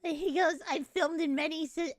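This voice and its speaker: A woman's voice: high-pitched, steady tone, normal speed, no room sound. A woman streamer in casual chat, laughing and swearing while reading comments aloud into a close desk mic.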